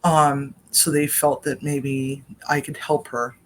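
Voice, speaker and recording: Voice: medium pitch, flat delivery, slow, a bit bright, slight background noise. A chef and cooking vlogger giving a casual personal update from a home kitchen, telling a story with tangents into a laptop webcam.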